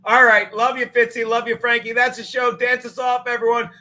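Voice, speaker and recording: A man hosting a loose live show, joking loudly and swearing freely as he banters with guests. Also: very high-pitched, completely flat delivery, brisk. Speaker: host.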